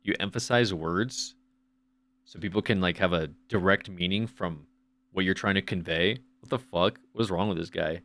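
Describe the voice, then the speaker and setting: Streamer dude ranting, sarcastic, swears a lot, rambles off on tangents. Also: male voice, sits low, moderate pace, a bit bright. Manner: sarcastic, profane, rambling asides. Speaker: streamer reacting to videos. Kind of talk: casual sarcastic rant.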